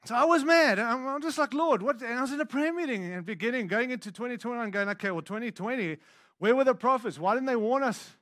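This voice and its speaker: Pastor guy preaching, high-ish voice, goes quiet and soft then loud and punchy, chats to the crowd, dry close sound. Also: lively intonation, fast talker, dry recording. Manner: swings from hushed intimate lows to loud emphatic declarations; conversational asides to the congregation. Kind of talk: sermon.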